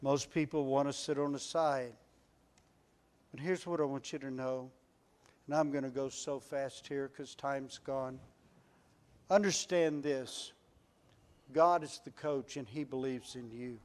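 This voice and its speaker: A man pastor preaching a folksy sermon in a church, building to near-shouts on his refrains. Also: medium pitch, unhurried, pauses often. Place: church sanctuary.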